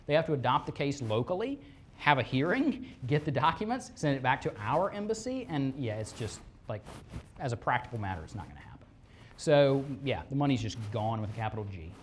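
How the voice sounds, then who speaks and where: Police detective, lively presentation, rhetorical questions, put-on scammer voices, faint background noise. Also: medium pitch. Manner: animated, fires rhetorical questions at the audience; acts out scammers' lines in quick put-on voices. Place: presentation room with a live audience.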